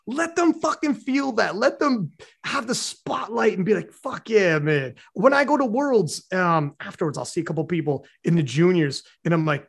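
A man with a high voice chatting on a podcast. He is excitable and slangy and swears freely. His talk runs loose and casual. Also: moderate pace, vocal fry. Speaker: podcast guest. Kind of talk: casual chat.

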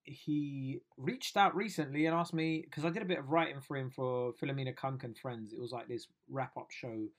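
Man, casual video diary, excitable, slangy, self-mocking. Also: medium pitch, normal speed, hardly any pauses. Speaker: comedian vlogger.

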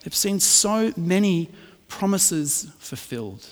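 A middle-aged preacher with a fairly high voice, mixing chatty, self-mocking stories with earnest preaching. His voice carries a long reverb, as if heard in a church hall. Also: animated, slow pace. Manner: chatty, self-deprecating storytelling that turns earnest. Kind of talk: sermon with personal anecdote.

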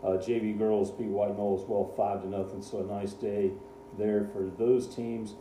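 A man's voice: on the low side, level tone, normal speed, dark tone, echoey room, a little hiss or hum, low-quality recording. A man co-hosting a casual sports talk show, running through game scores with dry sarcasm. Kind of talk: casual radio sports chat.

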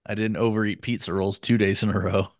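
Low-voiced easygoing man, podcast co-host. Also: flat delivery, fairly quick, no room sound, clean studio sound. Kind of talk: casual chat.

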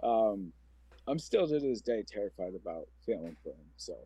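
A man in his forties from Omaha, Nebraska, shares his personal story as a podcast guest, earnest, emotional, and rambling. His voice is on the low side, mellow and husky, with big pitch swings at a moderate pace.

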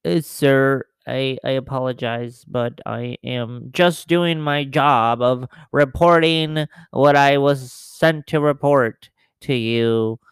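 A man's voice: medium pitch, steady tone, slow pace, hardly any pauses, clear, resonant tone, no echo, studio quality. A man voicing a bumbling, apologetic male government security official in an improvised comedy sketch, who rambles nervously with lots of fillers. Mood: officious.

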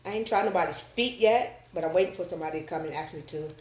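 Laid-back woman with a deep voice talking about her business, echoey room. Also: quick pace. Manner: laughing, easygoing and chatty. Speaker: guest, massage therapist and business owner. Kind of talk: casual podcast interview.

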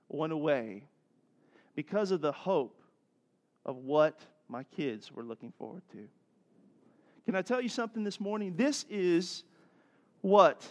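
A middle-aged man preaching a sermon as pastor, telling stories with animated swings from soft to loud. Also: high-pitched.

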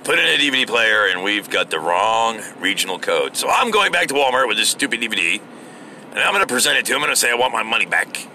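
Gravelly, bright-voiced ranting man. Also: medium pitch, expressive, quick pace, slight background noise. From United States. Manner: profane, exasperated ranting. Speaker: podcast host. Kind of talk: casual solo rant.

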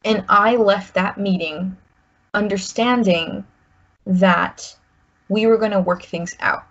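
A woman's voice: mid-range voice, fairly even intonation, slow, a bit bright. A woman in her twenties telling a personal story, rambling with many "like"s and restarts. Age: 20s. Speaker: guest sharing a personal story. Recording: slightly muffled recording.

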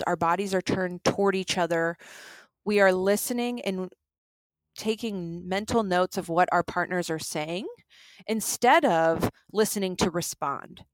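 A woman's voice: mid-range voice, dry recording. Dry, close woman explaining relationships. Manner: animated, acts out quoted lines. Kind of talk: conversational explaining.

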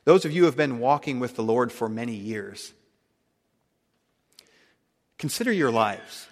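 A man preaching a sermon, emphatic, swinging between loud declarations and hushed tones. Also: mid-range voice, animated, a little slow, big-room sound.

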